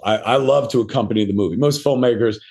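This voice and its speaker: A middle-aged man spins loose, rambling anecdotes as a podcast guest, swearing freely and leaning on fillers. His delivery is casual and self-mocking, and his voice sits at an ordinary male pitch. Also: quick pace, darkish tone. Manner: self-deprecating. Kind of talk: casual storytelling interview.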